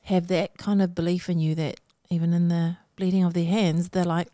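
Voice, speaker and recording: A woman's voice: fairly low pitch, steady tone, a little fast, few pauses, warm tone, dry recording, studio quality. A middle-aged woman, co-hosting a casual chat, reflective and using casual slang. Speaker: podcast co-host.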